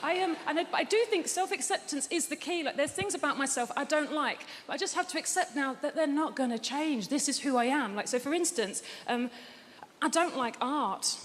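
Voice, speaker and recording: A woman comic with a high voice works through a deadpan, mock-earnest rant. The sound is echoey and carries a long hall reverb, with clear audience noise underneath. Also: fairly quick. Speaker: stand-up comedian. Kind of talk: stand-up routine. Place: large theatre stage.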